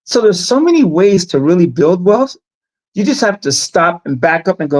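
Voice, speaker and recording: A middle-aged man talking in a casual live-stream chat, animated and emphatic, telling stories with asides. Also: high voice, moderate pace, poor audio. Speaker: guest.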